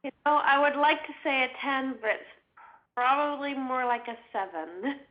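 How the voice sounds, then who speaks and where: A woman volunteer caller answering hesitantly and quietly during a healing session. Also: high-pitched, normal speed. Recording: dull lo-fi teleconference line.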